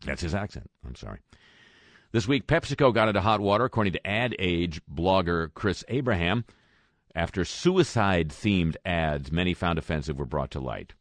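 A man's voice: deep voice, animated, moderate pace, dry recording. A man reading a news roundup with dry, sarcastic asides between quoted statements. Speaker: radio news commentator. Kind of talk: wry spoken news roundup.

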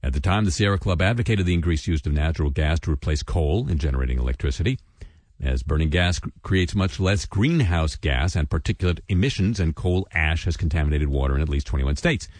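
Sardonic deep-voiced man reading news. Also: lively intonation, a little fast, darkish tone, no echo. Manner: sardonic asides and mock voices between read news items. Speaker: radio commentary host. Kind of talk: satirical news commentary.

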